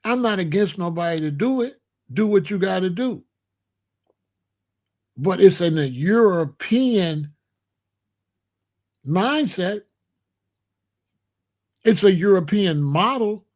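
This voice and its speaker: A middle-aged American man who hosts a commentary channel talks in a casual monologue that is blunt and emphatic, and he often repeats himself. His voice sits high and is expressive, and he speaks slowly with frequent pauses.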